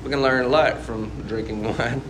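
A man's voice: medium pitch, steady tone, normal speed, noisy background. A man preaching a casual, conversational sermon and asking his listeners questions as he goes. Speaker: pastor.

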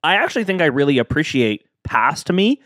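A man's voice: fairly high pitch, sing-song, a little fast, pushed and bright, no room sound, studio quality. A man hosting a casual solo podcast, chatting playfully and acting out both sides of imagined exchanges.

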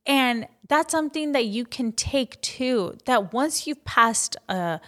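A woman's voice: on the high side, lively intonation, slow pace, fairly bright tone. A young woman giving an earnest, encouraging personal faith talk, with casual fillers. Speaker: Christian vlogger sharing a testimony.

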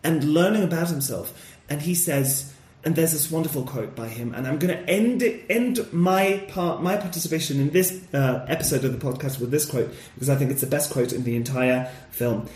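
Guy gushing about movies on a podcast, lively, acts out scenes, bit of room echo. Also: normal speed. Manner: animated, acts out movie scenes with big pitch jumps. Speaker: podcast co-host. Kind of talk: casual chat about films.

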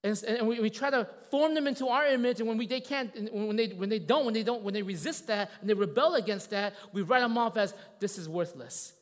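A man preaching in a church, telling a story in a lively, conversational way and checking in with the congregation again and again. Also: high-pitched, fast talker, few pauses, big-room sound. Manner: animated, conversational, asks many tag questions. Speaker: pastor. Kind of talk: sermon with a told story.

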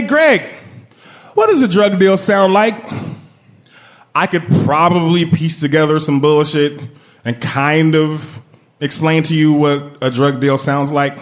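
A man telling a comic personal story in an animated, profane, self-mocking way. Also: fairly high pitch.

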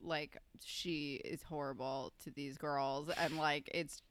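A woman's voice: low voice, steady tone, slow, fairly bright tone, slight background noise. A woman co-hosting a podcast, adding wry remarks while she and her friend recap an episode. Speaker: podcast co-host. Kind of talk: casual recap chat.

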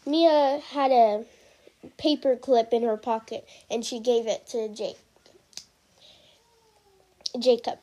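A woman's voice: on the high side, fairly even intonation, takes it slowly, pauses often, mellow. A woman improvising a story aloud, hesitant with frequent restarts.

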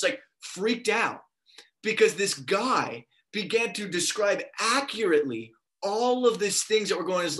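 A young man preaching a sermon, telling a story with energy and acting out the quoted voices. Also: sits high. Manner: animated, acts out quoted voices.

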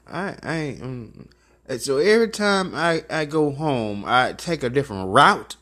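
A man with a Memphis Southern accent talks slowly through a rambling, profane monologue, as a talk show host would. His pitch swings widely, rising high for the bits he acts out. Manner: rambling, animated storytelling with profanity and laughs. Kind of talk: casual monologue.

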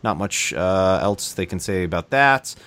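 A man's voice: low-pitched, lively intonation, unhurried, fairly bright tone, smooth. A man co-hosting a casual gaming podcast, reading news notes aloud with frequent laughs and ums. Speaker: podcast co-host.

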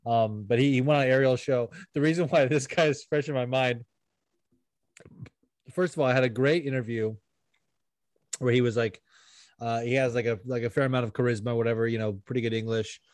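A man's voice: mid-range voice, steady tone, brisk, long pauses, no room sound. A man hosting a podcast in casual chat, rambling with lots of fillers, laughing often and swearing. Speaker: podcast host.

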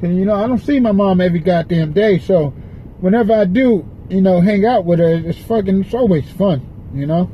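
A man's voice: sits high, normal speed, lo-fi sound, slight background noise. A man hosting a podcast, rambling and cursing as he vents from his parked car. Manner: profane, restless, venting. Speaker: podcast host. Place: parked car in a parking lot.

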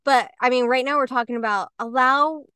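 Bright, clear-voiced woman telling her story. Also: sits high, brisk, no echo. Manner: animated storytelling, acting out quotes. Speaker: podcast co-host. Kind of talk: candid conversational podcast talk.

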